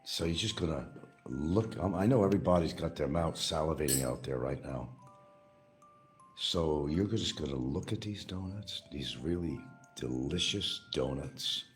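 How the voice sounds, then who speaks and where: A man's voice: extremely low pitch, moderate pace, soft background music. A man talking casually and wryly on a home livestream, drifting into sing-song bits and baby talk to his dogs. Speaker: livestream vlogger.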